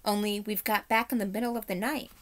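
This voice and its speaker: A woman's voice: medium pitch, steady tone, fast talker, lightly acted. A woman reading as a plucky young boy. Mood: thoughtful.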